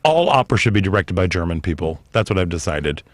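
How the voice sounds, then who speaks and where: A man's voice: sits low, very animated. Playful man in his late forties. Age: 40s. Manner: playful, jokey, quick to do silly voices. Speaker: radio show host. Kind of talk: casual radio chat and live ad read.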